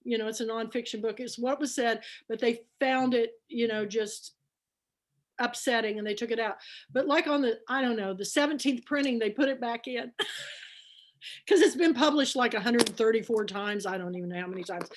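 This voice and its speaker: A woman from Kansas hosts a book club on a video call, casually chatting with emotion and retelling conversations. Her voice is on the high side at normal speed.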